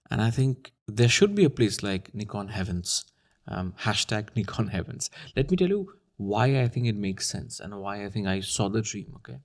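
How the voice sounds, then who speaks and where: A man talking casually to camera, with a playful, teasing manner. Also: lowish voice. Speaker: camera YouTuber. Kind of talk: casual talking-head commentary.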